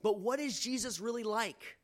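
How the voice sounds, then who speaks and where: A man delivers a sermon in an earnest, conversational way, asking his listeners questions as he goes. His voice sits a little high for a man. When he reads scripture aloud, he adds dramatic emphasis. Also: normal speed. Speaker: preacher.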